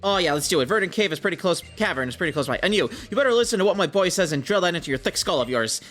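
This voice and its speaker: A man's voice: high-pitched, expressive, very fast, a bit bright, soft background music, pitched above the performer's own voice. A man voicing a brash young male street punk from a game, with swaggering, slangy taunts. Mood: taunting.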